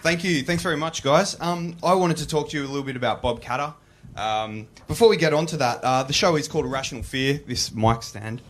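A man's voice: a little high, a little fast, slight background noise. A man doing casual stand-up comedy on a live stage, rambling with many ums.

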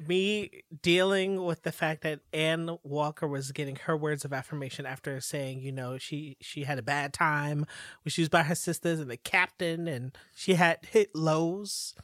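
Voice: medium pitch, steady tone, moderate pace, a bit bright, no room sound, clean studio sound. A co-host talking through a show recap in casual chat, rambling and joking. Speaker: podcast co-host.

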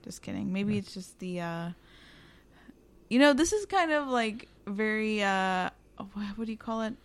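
A woman's voice: medium pitch, lively intonation, unhurried. A woman co-hosting a podcast at home with the windows open, telling stories in a chatty, casual way and laughing often. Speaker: podcast co-host. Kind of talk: casual storytelling chat.

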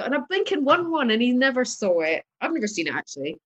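A woman in casual chat as a guest on a video call, candid and quick to laugh, with the odd light swear. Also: a little high, big pitch swings, a bit bright, muffled recording.

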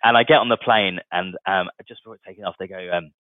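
A man's voice: deep voice, steady tone, racing, hardly any pauses, no room sound. A man telling his story casually in an interview, chatty and laughing as he goes. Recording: tinny phone-like sound.

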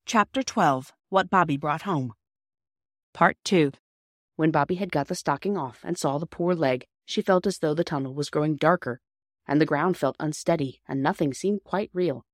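A woman narrating a classic children's novel in a gentle, measured reading. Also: sits low, no echo, studio quality. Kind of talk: audiobook narration.

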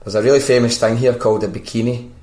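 Talking fast in a medium-pitched voice, a man from Scotland hosts a podcast full of casual chat. He's an animated, sweary storyteller, and his voice echoes around the room.

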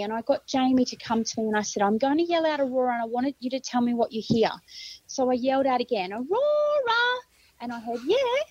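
A middle-aged Australian woman, a grandmother, vividly retelling a tense search in an interview and acting out her own shouts and thoughts. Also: on the high side. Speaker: grandmother of a found child. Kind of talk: emotional interview storytelling. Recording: dull lo-fi sound.

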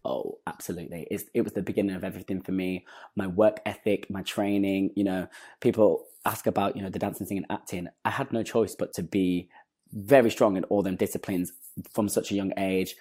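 A young man, a guest telling stories in a casual interview, animated and quick to act out what people said. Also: deep voice, husky. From northern England. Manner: animated, acts out quoted voices, laughs often. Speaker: guest, stage performer.

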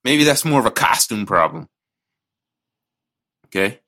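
A man's voice: fairly low pitch, lively intonation, unhurried, bright, forceful tone. A man co-hosting a casual movie podcast, talking bluntly and profanely, often restarting his sentences. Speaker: podcast co-host.

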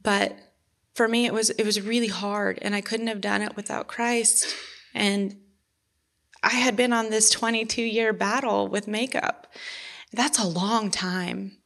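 A woman giving an earnest personal faith testimony, halting and restarting as she talks. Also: medium pitch, steady tone, creaky, a bit bright.

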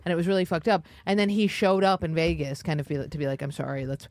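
A woman's voice: fairly low pitch, fast talker, a little mellow, dry recording. A female comedian chatting on a podcast. She tells stories with animation and acts out the quotes. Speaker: guest comedian. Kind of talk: casual podcast chat.

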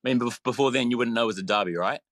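A man's voice: mid-range voice, fairly bright tone, dry recording. A man from New Zealand calling in late at night, exasperated about his team and repeating "mate". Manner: fast, exasperated, keeps saying mate. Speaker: caller. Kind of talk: casual phone-in.

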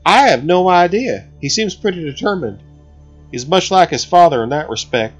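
A man's voice: a little high, animated, normal speed, husky, faint music behind, voice pushed up. Tough gunslinger mother, as a man puts her on. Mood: urgent. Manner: urgent, brash, swearing. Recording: slightly dull recording.

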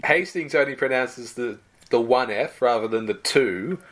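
A man co-hosting a podcast, explaining things in a measured way with small stammers. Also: medium pitch, fairly bright tone. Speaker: podcast co-host. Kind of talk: casual chat.

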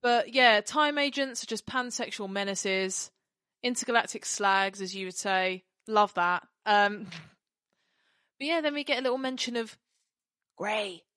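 A woman co-hosting a podcast in casual chat, animated and rambling, apologising and laughing often. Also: mid-range voice, measured pace, clear, resonant tone, no echo, clean studio sound. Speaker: podcast co-host.

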